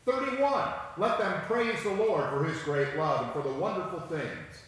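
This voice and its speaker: Emphatic preacher in an echoey hall. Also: male voice, a little high, expressive, fairly bright tone. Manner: slow and emphatic, repeating key phrases. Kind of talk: sermon with scripture reading. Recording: echoey hall with long reverb.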